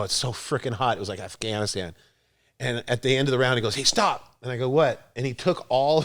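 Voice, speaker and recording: A man in casual podcast chat, voice pitched in the middle range. He tells stories with an easy grin, jumps into quoted voices for the people in them, and laughs often along the way. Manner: animated storyteller, acts out quotes, laughs often. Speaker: podcast host.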